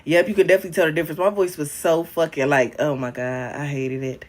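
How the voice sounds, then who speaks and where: A young man chatting casually on a livestream, frank and profane, calling viewers honey and babe, his voice jumping up and down in pitch and loudness. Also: steady tone, fast. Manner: talks directly to viewers, calling them honey, babe and queen. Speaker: livestreaming social media creator.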